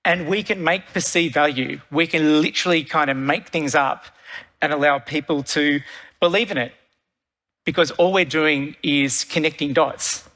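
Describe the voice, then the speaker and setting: Bright-voiced keynote speaker. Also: male voice, fairly high pitch, moderate pace. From Australia. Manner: energetic storytelling, repeats phrases. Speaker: keynote speaker, creative director. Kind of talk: keynote talk. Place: large conference hall stage. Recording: long reverb of a large hall.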